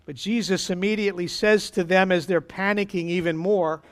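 A pastor preaching a sermon to his congregation, with dramatic pauses and acted-out quotes. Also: sits high, steady tone.

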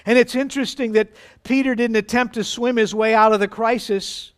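A pastor preaching a sermon to his congregation, with dramatic pauses and acted-out quotes. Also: very high-pitched, steady tone, clear, resonant tone.

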